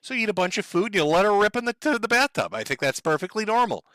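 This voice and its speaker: A male commentator with a bright, high voice that swings widely as he mocks his subject. He is sarcastic and animated and keeps cracking himself up. The sound is close and dry. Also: quick pace, no room sound. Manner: sarcastic, animated, laughing often. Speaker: online commentary host. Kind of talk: mocking video commentary.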